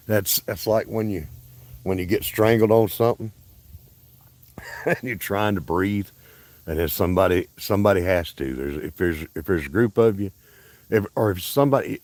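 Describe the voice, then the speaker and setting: A man's voice: low-pitched, darkish tone, no echo. A man from Alabama with a Southern accent, hosting a casual, rambling livestream chat outdoors at a park in a folksy way. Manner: folksy, rambling, self-interrupting. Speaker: livestream host.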